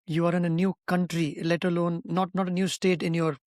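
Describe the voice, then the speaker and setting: Man, high voice, dry close sound, friendly interviewer, halting question phrasing. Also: flat delivery, darkish tone, dry recording. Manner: friendly, repeats words as he frames questions. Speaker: interviewer, host. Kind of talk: conversational interview.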